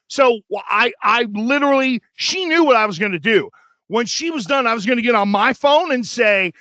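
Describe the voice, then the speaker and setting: High-voiced man telling a heated story. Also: lively intonation, moderate pace, sharp tone, dry recording, lo-fi sound. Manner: profane, worked-up anecdote with acted-out quotes. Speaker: radio show host. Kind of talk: animated storytelling, casual chat.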